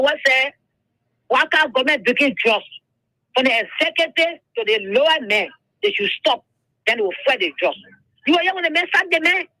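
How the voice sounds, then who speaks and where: Very high, bright caller. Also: male voice, dry recording, poor audio. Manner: animated, recounts and quotes others. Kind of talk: call-in radio comment.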